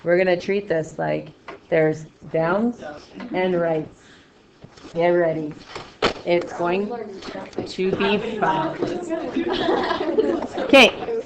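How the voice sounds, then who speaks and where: A woman teaching a math lesson to a class, loud and excitable, joking about herself as she works through problems. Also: medium pitch, slow pace, long pauses, highs cut off, noisy background. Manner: loud, excitable, self-mocking.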